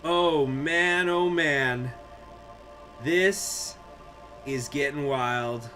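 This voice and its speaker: A man streaming a strategy game, chatting with viewers, reading event text aloud and breaking into loud, swearing surprise. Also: a little high, extremely slow, faint music behind. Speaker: gaming streamer.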